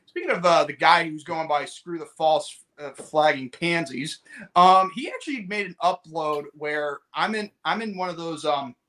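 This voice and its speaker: A man co-hosting a casual podcast chat, with a bright, slightly high voice. He rambles, laughs often and trails off with fillers. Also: normal speed. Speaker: podcast co-host.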